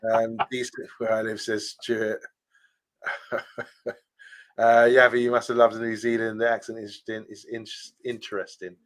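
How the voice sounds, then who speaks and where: A man's voice: fairly low pitch, monotone, moderate pace. A man co-hosting a live-streamed fan show, chatting casually and reading out viewer comments. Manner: chatty, reads viewer comments aloud, laughs easily. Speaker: podcast co-host.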